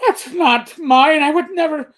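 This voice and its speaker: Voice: high voice, unhurried, a crowd in the background, pitched above the performer's own voice. A host voicing a male lawyer, blustering and protesting.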